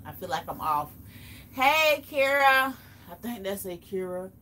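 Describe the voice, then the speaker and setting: A woman's voice: fairly low pitch, steady tone, fairly quick, a little hiss or hum. A woman with a Southern US accent chatting casually on a home live stream, drawling and talking straight to her viewers while she reads out their names. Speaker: live-stream host and small seller. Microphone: phone or camera set back from her.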